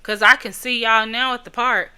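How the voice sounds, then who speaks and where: Blunt, bright-voiced woman podcast host. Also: on the high side, fairly even intonation, normal speed, smooth. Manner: blunt, scolding, emphatic repetition with occasional laughs. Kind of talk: casual opinion monologue.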